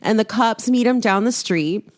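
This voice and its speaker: Woman on a movie podcast, kinda high voice, laughs a lot, does little character voices. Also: moderate pace. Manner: animated, laughs often, acts out lines in character voices. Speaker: podcast co-host. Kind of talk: casual movie recap chat.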